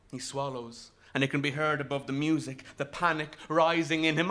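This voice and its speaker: A man narrating a literary story in a measured, vivid way, with rhythmic phrasing. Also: mid-range voice, steady tone, a bit bright.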